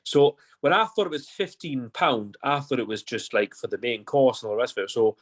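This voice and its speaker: A man's voice: mid-range voice, expressive, a little fast. A man, a podcast guest, telling rambling, sweary stories in casual chat.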